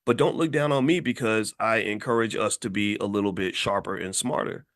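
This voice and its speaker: A man's voice: fairly low pitch, fairly quick, a bit bright, dry recording, studio quality. A man from Louisville, Kentucky, hosting his own show and talking in a passionate, colloquial, preachy commentary. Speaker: show host. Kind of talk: commentary monologue.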